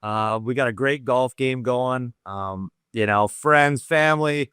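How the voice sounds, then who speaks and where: Bright, crisp-voiced man joking around. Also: medium pitch, unhurried, no room sound, studio quality. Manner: joking, laughs often, self-mocking. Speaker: guest hockey analyst. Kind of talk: casual podcast chat.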